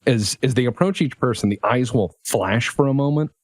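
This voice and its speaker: A man narrating as game master of a tabletop role-playing game, descriptive and lively, with laughing asides. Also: mid-range voice, a little fast, dry recording.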